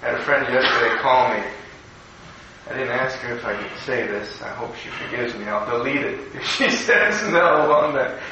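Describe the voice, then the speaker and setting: A man's voice: mid-range voice, moderate pace, highs cut off, background noise. A man giving a recorded devotional sermon in a conversational, storytelling way, acting out the voices he quotes. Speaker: preacher. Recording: echoey room from far off.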